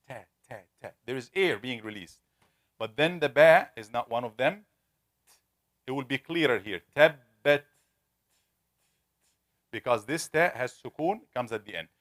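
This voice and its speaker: A man teaching a classroom lesson, asking students questions and slowly repeating sounds to demonstrate pronunciation. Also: a little high, fairly bright tone. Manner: conversational, asks the class questions. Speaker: Quran recitation teacher.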